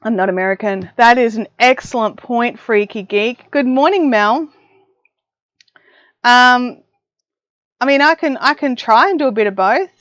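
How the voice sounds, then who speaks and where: A woman's voice: on the high side, unhurried, pauses often, a bit bright, no echo. A middle-aged woman with an Australian accent, hosting a casual craft livestream from her home craft room and chatting with viewers in a self-mocking way. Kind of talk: casual live chat. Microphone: desk mic, listening on headphones. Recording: dry, dull lo-fi livestream audio.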